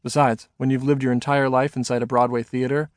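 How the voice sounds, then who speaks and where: A man reading his own novel aloud as a first-person audiobook narration, measured and expressive. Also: medium pitch, no room sound, clean studio sound.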